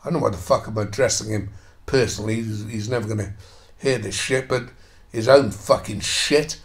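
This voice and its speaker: A man's voice: on the low side, moderate pace. A man giving a ranting commentary on an article he reads aloud. He is sarcastic and swears heavily while mocking the quoted lines. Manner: angry, sarcastic, heavy swearing; reads quoted passages, then mocks them.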